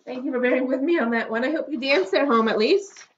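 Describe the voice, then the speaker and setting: Gentle, high-voiced woman reading stories. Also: fast talker, highs cut off, a little hiss or hum. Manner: gentle, encouraging, gasps at pictures. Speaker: children's librarian. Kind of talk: story time read-aloud.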